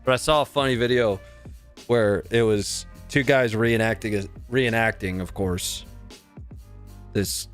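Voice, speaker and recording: A man's voice: fairly low pitch, measured pace, soft background music. A man in his thirties from the United States, casually chatting with viewers while streaming a game, laid-back and chuckling often. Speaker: livestream host.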